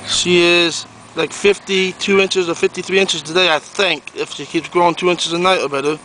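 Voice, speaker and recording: Guy walking his pumpkin patch w a camera, bit high voice, repeats himself a lot. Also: fairly even intonation, moderate pace, sharp tone, slight background noise, poor audio. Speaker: pumpkin grower. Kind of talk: casual garden video tour. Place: outdoors in a garden.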